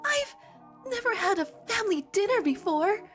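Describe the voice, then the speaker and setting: A woman voicing an eager, wide-eyed orphan boy who talks in an excited, gushing way. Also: extremely high pitch, normal speed, faint music behind, pitched above the performer's own voice.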